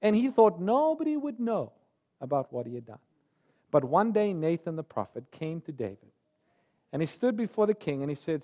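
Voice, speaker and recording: A man preaching a sermon, telling a story earnestly and moving between loud urgent phrases and soft quiet ones. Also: on the high side, big pitch swings, moderate pace.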